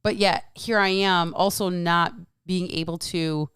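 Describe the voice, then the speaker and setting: A woman's voice: lowish voice, fairly even intonation, measured pace, a bit bright, clean tone, no room sound, studio quality. Frank, chatty woman in her forties. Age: 40s. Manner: chatty, frank, swears freely, acts out quotes. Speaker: podcast guest. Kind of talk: casual podcast chat.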